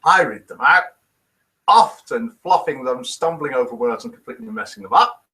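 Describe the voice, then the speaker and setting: A British man in his fifties hosts a live daily show in a rough recording, his fairly high, bright voice sing-song and forceful at normal speed. Chatty and self-mocking, he reads out viewers' comments and jokes, putting on voices for the quotes.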